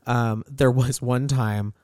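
A man's voice: mid-range voice, takes it slowly, no room sound, studio quality. A man who works as a hairstylist, telling stories in a casual podcast chat. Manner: storytelling, lively and chatty.

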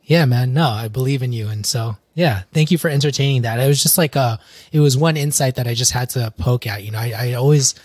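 Husky-voiced man hosting a podcast. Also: mid-range voice, brisk, a little mellow, dry recording, studio quality. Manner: encouraging, friendly, supportive. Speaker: podcast host. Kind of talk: casual podcast interview.

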